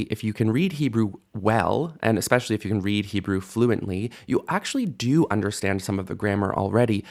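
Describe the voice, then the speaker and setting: Low gravelly male language teacher. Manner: patient, explains slowly, sounds out syllables. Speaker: Hebrew teacher. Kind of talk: recorded language lesson. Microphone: microphone at desk.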